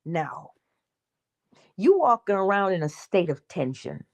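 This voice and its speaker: Woman, livestream spiritual talk host; animated, wide-ranging voice, emphatic and chatty, acts out quick dialogues. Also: lowish voice, vocal fry. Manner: emphatic, conversational, asks the audience questions; acts out little dialogues with herself. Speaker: spiritual teacher hosting a morning livestream. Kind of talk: live-stream teaching talk.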